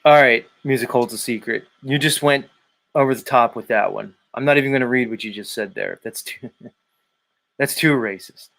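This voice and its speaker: A man's voice: mid-range voice, normal speed, fairly bright tone. Rambling livestream host, casual man. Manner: rambling, profane, thinks aloud with many fillers. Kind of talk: casual livestream chat reading comments.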